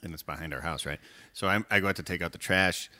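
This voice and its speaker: A man in his thirties co-hosting a casual podcast, an animated storyteller. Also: sits low, fast talker. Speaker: podcast co-host. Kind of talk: casual chat.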